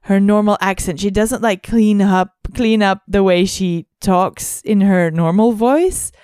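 Hesitant woman with a smooth, dry voice. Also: mid-range voice, measured pace, darkish tone, no room sound. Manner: hesitant, many fillers and restarts, musing. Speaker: podcast co-host. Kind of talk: casual podcast chat.

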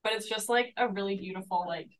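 A young woman explains a novel's plot on a casual podcast, earnest and careful. Her voice sits in a middle pitch range. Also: fast, rough recording. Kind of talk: casual book-podcast chat.

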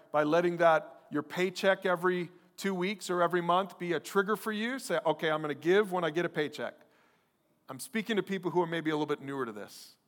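A man preaches to his congregation in a conversational, emphatic style, now and then voicing his listeners' objections. His voice sits fairly high for a man. The sound rings with the long reverb of a large church hall. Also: fairly bright tone. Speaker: pastor. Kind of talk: sermon.

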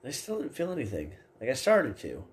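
A man's voice: mid-range voice, huge pitch swings, brisk. A man hosting a podcast, casually telling stories in a laid-back way and laughing along. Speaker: podcast host. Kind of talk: casual chat.

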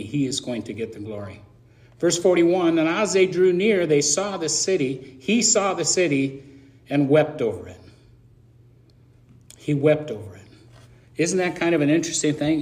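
A middle-aged man preaching a sermon with a slightly higher voice than most men. He talks in a chatty, emotional way and drops self-deprecating asides between his points. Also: darkish tone.

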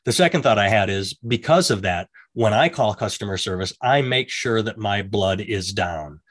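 A man's voice: on the low side, lively intonation, moderate pace, a bit bright, no room sound. A middle-aged man co-hosting a casual chat, rambling and telling stories, breaking off to act out the voices of people he quotes. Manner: rambling, self-interrupting, acts out quoted voices. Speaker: podcast co-host.

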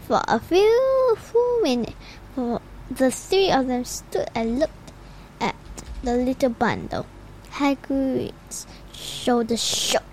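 A woman reading a children's storybook aloud in an unhurried way, with occasional slips and restarts. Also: high-pitched, sing-song, darkish tone, a little hiss or hum, poor audio. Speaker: reader.

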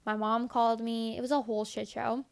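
A woman's voice: a little high, level tone, a little fast, gravelly. A young adult woman telling a candid, profane story in a casual monologue. She rambles, says "like" often and acts out her own thoughts in quotes.

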